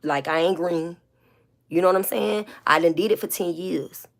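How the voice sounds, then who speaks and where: A woman with a gravelly, fry-edged voice pours out a confessional monologue, blunt and profane. Her tone sits fairly low, and she circles back on her words with fillers and repeats as she fights back tears. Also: moderate pace. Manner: emotional, holding back tears. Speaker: vlogger.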